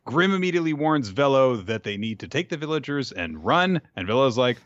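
Very animated and fairly quick, a podcast host recaps an episode in a mid-range, slightly bright voice. He rambles wryly and leans on many fillers, with no echo on a dry, slightly dull recording.

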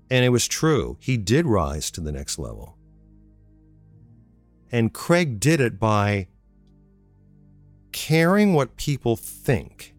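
A former radio programming manager with a medium-pitched voice, recorded with no room sound, tells a personal story. He speaks conversationally and repeats phrases for emphasis.

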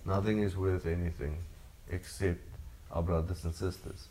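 A man with a very low voice delivering a sermon. His preaching is earnest and leans on repeated phrases. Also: fairly even intonation, moderate pace, warm tone, a little hiss or hum. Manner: earnest, repetitive preaching cadence. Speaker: pastor.

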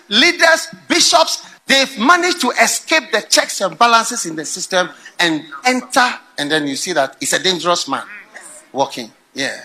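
Man, preacher, sermon, high pitch, bright tone, animated storytelling. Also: poor audio. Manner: animated, swings from low musing to loud exclaiming; storytelling with acted quotes.

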